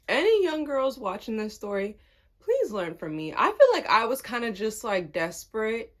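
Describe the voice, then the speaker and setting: A young woman telling a personal story in casual chat, animated and laughing often, her pitch jumping up when amused. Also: normal speed.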